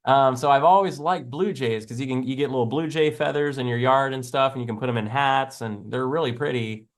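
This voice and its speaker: A man hosting a live stream talks loosely and jokily, wandering from point to point and breaking into laughter. His voice sits at an ordinary middle pitch, and his delivery is relaxed and chatty. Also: brisk. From American South. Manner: rambling, jokey, laughs often. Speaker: live trading show host. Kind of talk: casual chat on a live stream.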